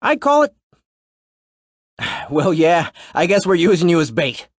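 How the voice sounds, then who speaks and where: A man's voice: fairly high pitch, big pitch swings, a little slow, no echo, studio quality, pitched above the performer's own voice, full character voice. A man doing a wisecracking cop. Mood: breezy. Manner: wisecracking, breezy. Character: joking, laid-back male cop. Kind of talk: audiobook narration.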